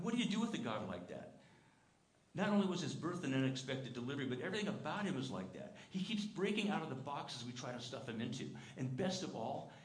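A male pastor preaching a sermon in a church, earnest and conversational, asking the congregation questions and sometimes stumbling over repeated words. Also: medium pitch. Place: church sanctuary. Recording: echoey church sanctuary.

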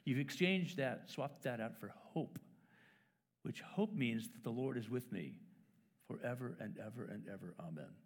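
A man's voice: mid-range voice, normal speed. Man, pastor, sermon, storytelling, mid-range voice, long church reverb. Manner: storytelling, acts out dialogue with lively shifts. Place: church sanctuary.

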